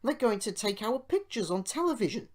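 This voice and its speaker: A man's voice: sits high, big pitch swings, a little fast, voice pushed up. A man voicing a hearty, teasing male engine driver in a storybook reading. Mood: jolly.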